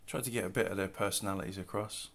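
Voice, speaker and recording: A middle-aged man casually showing his artwork on camera, talking in a relaxed, rambling way with self-deprecating asides. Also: sits low, quick pace, vocal fry. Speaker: artist showing his work. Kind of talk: casual show-and-tell narration. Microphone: camera mic, handling artwork.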